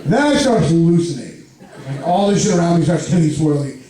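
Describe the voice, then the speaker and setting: A young man with a lisp telling an animated stand-up comedy story on a club stage, jumping into loud, high outbursts. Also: brisk, heavy background noise. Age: young adult. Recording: echoey club, far mic, laughing crowd. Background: audience laughter.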